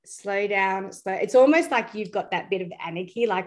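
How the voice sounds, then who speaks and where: A woman giving a casual spiritual reading, chatty and quick, passing on messages to the person in front of her. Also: medium pitch. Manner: chatty, warm-voiced, relays messages with "they're saying". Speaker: psychic reader.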